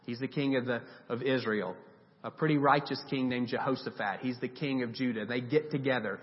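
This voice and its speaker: A man preaches in a church, his slightly high voice carrying a long reverb. He retells the stories animatedly and voices the characters himself. The recording sounds a little dull. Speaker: pastor. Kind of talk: sermon. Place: church sanctuary.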